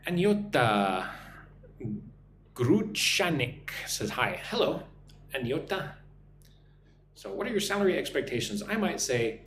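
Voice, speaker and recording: A man's voice: mid-range voice, big pitch swings, slow, pauses often, a bit bright, echoey room, slight background noise. A man teaching English on a live stream, reading chat comments aloud and modeling sample interview answers.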